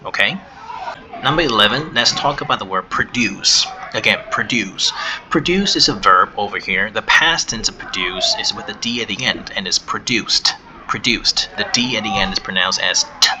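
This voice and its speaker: A man teaching English vocabulary in a recorded lesson, explaining each word patiently and repeating words slowly for pronunciation, with brief translations into Chinese. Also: lowish voice, noisy background.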